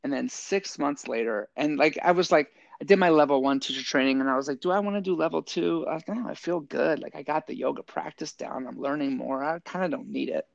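In an interview, a middle-aged army veteran and yoga teacher tells stories casually and animatedly, acting out what people said with lots of "like." His voice is a little high, with vocal fry, a slightly fast pace and few pauses. The recording is dry and dull.

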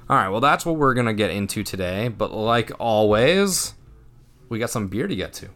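A man co-hosting a podcast, chatting in a relaxed way and often agreeing with his partner. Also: on the low side, normal speed. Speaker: podcast co-host. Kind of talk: casual chat.

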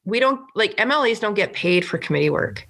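A woman's voice: medium pitch, expressive, brisk, a bit bright. A woman from Canada, a provincial legislator, talking earnestly and indignantly in a casual political podcast, with many "like" fillers.

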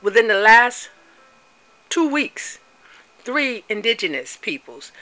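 A woman giving an impassioned monologue, speaking deliberately, stressing and repeating words and spelling some out. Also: on the high side, very animated, bright, forceful tone, soft background music, low-quality recording.

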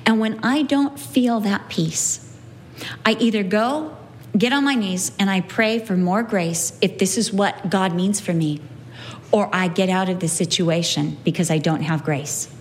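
A woman's voice: mid-range voice, measured pace. A woman giving an earnest Bible teaching, repeating key phrases for emphasis and acting out quoted lines.

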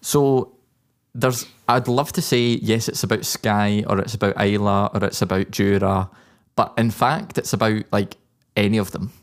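A man's voice: fairly low pitch, steady tone, normal speed. A man in casual chat about his song, laughing, loose and sweary. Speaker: music producer and songwriter.

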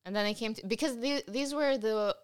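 A woman's voice: on the high side, a little fast, clean tone. A young woman co-hosting a podcast in casual chat, blunt and exasperated, swearing and laughing often. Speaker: podcast co-host.

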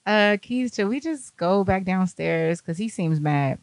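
A woman speaking spins a casual, profane story, jumping up and down in pitch as she acts out everyone's lines. Her voice sits mid-range, and the recording is dry and close. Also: measured pace, few pauses, dry recording. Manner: animated, profane, acts out other people's lines.

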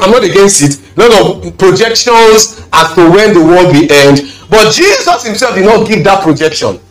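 A man with a Nigerian accent preaching a conference sermon, emphatic and animated, repeating phrases and restarting sentences. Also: high-pitched.

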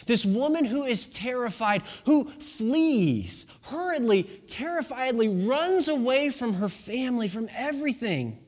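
A man in his thirties preaching a sermon, telling stories with drawn-out, dramatic phrasing and sometimes dropping to a hush for emphasis. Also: extremely high pitch, big pitch swings. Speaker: pastor.

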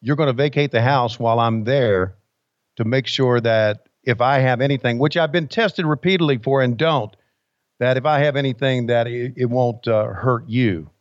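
A man's voice: mid-range voice, moderate pace, no echo. A man co-hosting a casual podcast, laid-back and rambling, calling people buddy. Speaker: podcast co-host. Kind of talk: casual chat. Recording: dull dry sound.

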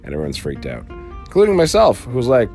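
A man hosting a casual solo podcast, telling a long story in a rambling, animated way with many fillers, from a small home studio. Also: mid-range voice, brisk, over music. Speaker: podcast host.

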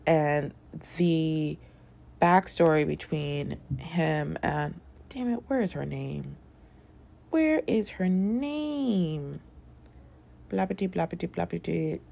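A young woman chatting casually in a book review vlog, animated and given to swearing and laughing. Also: deep voice, vocal fry.

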